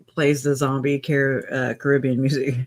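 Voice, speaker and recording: A man hosting a casual live stream, chatting with a chuckle while he eats. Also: mid-range voice.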